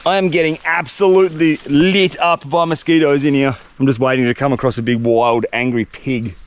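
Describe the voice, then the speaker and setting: A young man, chatting excitedly and slangily to the camera while exploring a tropical jungle outdoors. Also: mid-range voice, brisk. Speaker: survival vlogger. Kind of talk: solo outdoor vlog narration.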